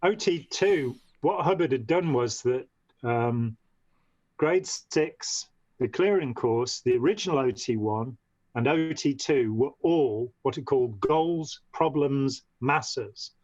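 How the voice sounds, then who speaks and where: A man's voice: mid-range voice, animated, takes it slowly, a little mellow, no room sound. Rambling storyteller man, dull dry audio. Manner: rambling, with frequent "you know" and restarts. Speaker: podcast guest, former member of a movement. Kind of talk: long-form storytelling in conversation.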